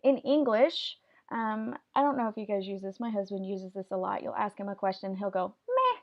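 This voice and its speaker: A woman's voice: mid-range voice, fairly even intonation, a little fast, muffled recording. A woman teaching a Spanish vocabulary lesson, patiently explaining each word step by step and having students repeat after her. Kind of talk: classroom video lesson.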